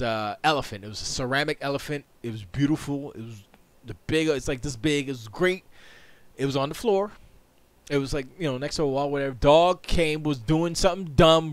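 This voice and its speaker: A man's voice: fairly high pitch, dry recording. A man hosting a live stream from his home studio, chatting casually, rambling and interrupting himself, often laughing. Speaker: streamer and show host.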